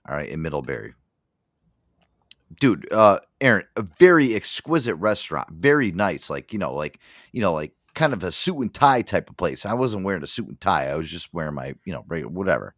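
A male radio host on a casual rant, swearing freely and stumbling over his own words. His pitch swings widely as he talks, and the sound is close and dry. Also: dry recording. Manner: profane, rambling storyteller with many restarts.

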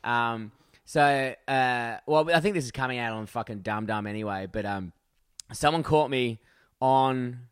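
A brash young man in a loose podcast chat, loud and rowdy, swearing freely and laughing through his own stories. His voice sits mid-pitch and sounds close and dry, with no room around it. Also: measured pace, clean tone, no room sound. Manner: crude, loud, jokey storytelling with lots of swearing. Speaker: podcast co-host. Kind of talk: casual chat.

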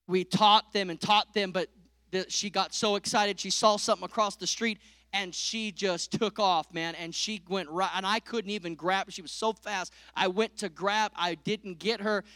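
A middle-aged man preaching a sermon, swinging from loud peaks to hushed lines and calling out to the congregation. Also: high voice, no echo, studio quality. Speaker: pastor.

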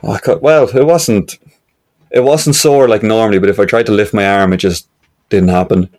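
A man's voice: on the low side, fairly even intonation, normal speed, darkish tone. A young man co-hosting a podcast with his father, dry and wry, swearing casually. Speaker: podcast co-host, son. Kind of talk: casual chat.

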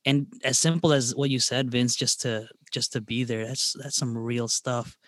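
A man hosting a faith podcast, earnest and reflective, pausing often on fillers as he speaks. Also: medium pitch, fairly even intonation, dry recording, studio quality. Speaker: podcast host.

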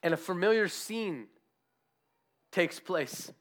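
A man preaching a sermon, telling a Bible story with animated, acted-out quotes. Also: high-pitched, slow. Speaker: pastor.

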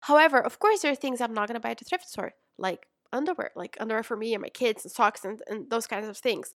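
A woman's voice: fairly high pitch, fast, no room sound. Chatty woman coach, dry close mic. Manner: chatty, animated, calls listener mama and sis. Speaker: business coach. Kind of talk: casual coaching talk.

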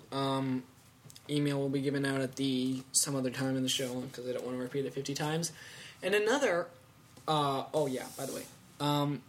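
A fifteen-year-old boy hosting a casual tech podcast from home, rambling and excitable with lots of fillers. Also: mid-range voice, slight background noise. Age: teens. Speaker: podcast host.

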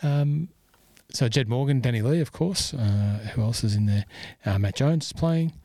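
A man's voice: mid-range voice, moderate pace, mellow, no room sound. A man hosting a golf podcast in casual, rambling chat full of fillers. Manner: rambling, lots of fillers and "you know". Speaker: podcast host.

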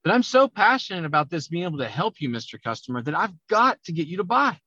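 A man talking loudly and emphatically as a business coach in a conversational podcast interview. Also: high-pitched, fast, no echo, highs cut off. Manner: loud, emphatic, animated talker. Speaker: auto repair business coach.

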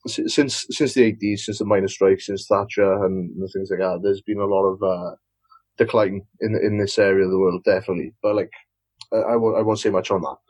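A man's voice: low-pitched, fairly even intonation, a little fast, a little mellow, breathy edge, no room sound, rough recording. A man with a South Welsh accent, a podcast guest in casual chat, rambling with many restarts. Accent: South Wales. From Swansea, Wales. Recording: dry close mic.

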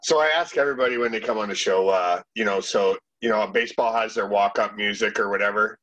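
A man's voice: fairly low pitch, quick pace, fairly bright tone, rough recording. A man hosting a podcast, chatting casually, joking with his guest and swearing freely. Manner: joking, laughs often, swears. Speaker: podcast host.

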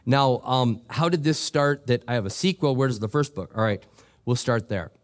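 A middle-aged male pastor preaching a sermon, telling a joking, animated story with quoted voices. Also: medium pitch, moderate pace. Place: church sanctuary.

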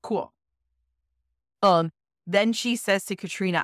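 A woman with a low voice tells a ghost story in an animated, casual way and swears freely. The sound is dry and close. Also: moderate pace, no echo. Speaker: podcast co-host. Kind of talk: casual chat.

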